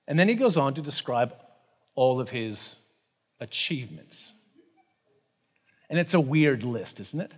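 A man preaching a sermon in a conversational, animated way, with frequent asides and fillers. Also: medium pitch, a little slow, pauses often, slightly rough. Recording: reverberant hall.

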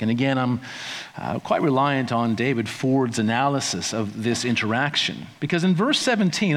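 A man preaching a conversational sermon, with playful asides and acted-out quotes. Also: a little high. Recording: long hall reverb.

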